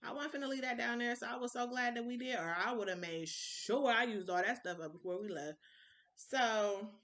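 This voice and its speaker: A young woman vlogger telling a story in casual chat, animated and acting out the voices of people she quotes. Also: fairly high pitch, moderate pace. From Ohio. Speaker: vlogger, cupcake business owner.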